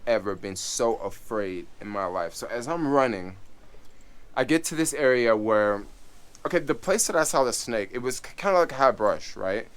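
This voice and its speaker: Excitable man telling a storytime vlog. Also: fairly low pitch. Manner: animated, excitable storytelling with many fillers. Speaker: vlogger.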